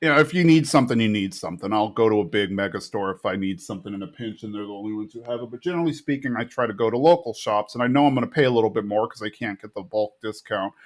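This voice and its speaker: A man's voice: on the low side, racing, few pauses. A man co-hosting a podcast, casually retelling a cartoon episode and briefly mimicking the characters' lines. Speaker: podcast co-host recapping episodes. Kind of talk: casual chat.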